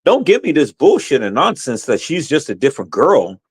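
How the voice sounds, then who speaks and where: A man, ranting on his live stream with lively pitch that swings up and down. He repeats phrases and keeps calling out to his viewers. His voice sits in a middle register. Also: normal speed, slightly rough. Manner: impassioned, repetitive, addresses viewers as "peoples".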